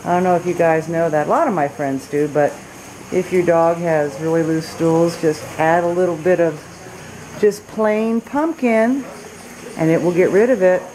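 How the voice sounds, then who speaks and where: A woman's voice: on the low side, moderate pace, mellow, slight background noise, poor audio. A woman chatting casually on a home video blog, filming with a handheld camera and cooing in baby talk to her pets. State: unwell, recovering from illness. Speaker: vlogger. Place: home, in and out of doors.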